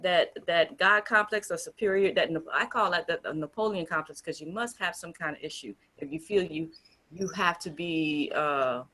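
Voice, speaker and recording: A woman's voice: sits low, pushed and bright. A woman co-hosting a casual discussion, talking in an earnest, emphatic way with frequent restarts. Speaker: group founder and co-host.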